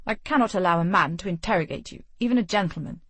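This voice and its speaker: A woman's voice: fairly low pitch, fast talker, no room sound, lightly acted. Brief: indignant old gent, heavy-browed, audiobook, woman narrator doing it. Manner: blustering, indignant. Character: blustering older male gentleman, heavy-browed.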